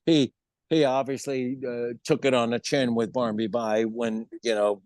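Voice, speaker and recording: A man in his seventies, a musician guest in an interview, telling stories in an animated way. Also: mid-range voice, normal speed, no echo, clean studio sound. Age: 70s. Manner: animated storyteller, acts out quoted voices. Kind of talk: storytelling interview.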